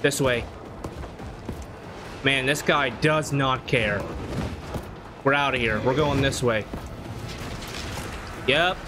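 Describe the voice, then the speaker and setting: A man narrating his own horror game run, muttering plans and then shouting in panic when chased. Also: medium pitch, takes it slowly, pauses often, over music. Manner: swings from mumbled planning to panicked yelling. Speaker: gaming YouTuber. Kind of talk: let's play commentary.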